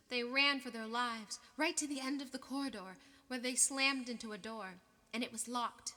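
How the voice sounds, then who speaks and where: A woman reading an audiobook aloud in a measured, expressive way. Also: fairly high pitch. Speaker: audiobook reader. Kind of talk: audiobook narration. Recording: long reverb.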